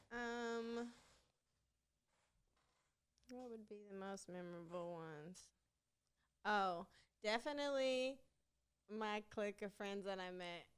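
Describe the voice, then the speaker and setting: Smooth-voiced young woman, laid-back chat. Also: mid-range voice, slow pace, long pauses. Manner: laid-back, laughs often, slangy storytelling. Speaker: rapper and singer, interview guest. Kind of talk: casual interview chat.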